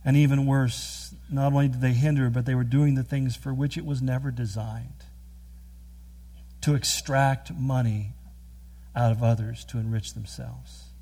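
A man preaching a sermon, earnest and emphatic, with quick storytelling asides. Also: medium pitch, steady tone, warm tone, breathy edge. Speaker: pastor.

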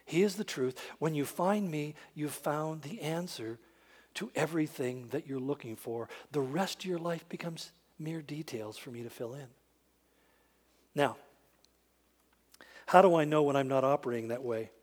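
Male pastor, high voice, animated sermon storyteller with dry wit. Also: slightly rough. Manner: animated storyteller who acts out quoted voices with dry humor.

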